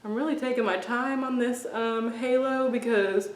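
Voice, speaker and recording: A woman's voice: on the high side, fairly even intonation, moderate pace. Chatty young woman, roomy echo. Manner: chatty, rambling, laughs through her stories. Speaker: beauty vlogger. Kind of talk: casual storytelling while doing makeup.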